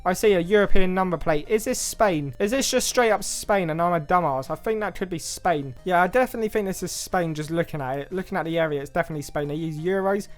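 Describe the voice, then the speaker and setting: A young English man from England, a gaming YouTuber, delivers casual, self-mocking commentary while he plays, thinking aloud and second-guessing himself. His voice is high-pitched and fast with hardly any pauses, over soft background music.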